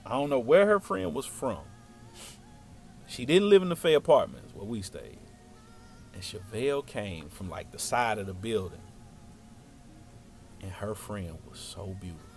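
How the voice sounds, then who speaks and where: A man's voice: on the low side, measured pace, vocal fry, pauses often, faint music behind. A young man telling a funny personal story in casual slang, acting out every line of dialogue. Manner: animated, slangy, acts out dialogue.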